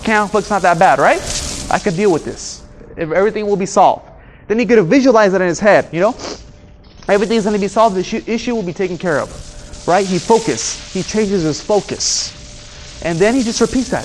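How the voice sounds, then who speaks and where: A man's voice: high voice, brisk, slight background noise. A man giving a motivational training talk to an audience about conflict, acting out the people in his stories. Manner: animated, acts out dialogue with voice changes. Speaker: speaker and trainer.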